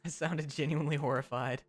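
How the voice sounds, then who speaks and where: A man streaming a video game, chatting playfully with his chat and laughing often. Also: mid-range voice. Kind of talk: casual live-stream chat. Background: faint lo-fi music.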